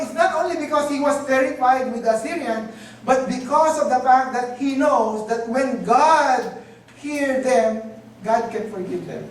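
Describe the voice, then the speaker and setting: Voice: high-pitched, a little hiss or hum. A pastor preaching a sermon, asking rhetorical questions and dropping Tagalog asides into English. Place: church hall. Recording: echoey hall, distant mic, faint ambience.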